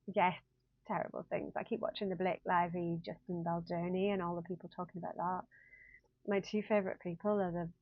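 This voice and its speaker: Woman, 50s, casual self-deprecating vlogger, a little low-voiced, recorded dry on a phone with a thin, narrow sound. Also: no echo. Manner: rambling, chatty, self-deprecating with frequent laughs. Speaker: university lecturer in human-computer interaction. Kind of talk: casual talking-head vlog. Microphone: phone camera.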